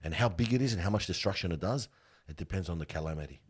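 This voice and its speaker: Husky deep-voiced man, earnest. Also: rapid-fire. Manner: earnest, animated storytelling, calls the listener bro. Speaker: funeral worker. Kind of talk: casual interview talk.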